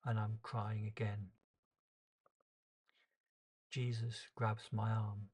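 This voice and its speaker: A man's voice: fairly low pitch, little pitch movement, slow pace, long pauses, a little mellow, husky. Earnest man telling a dramatic first-person monologue. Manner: earnest, emotional, shifts pace with the tension. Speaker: storyteller.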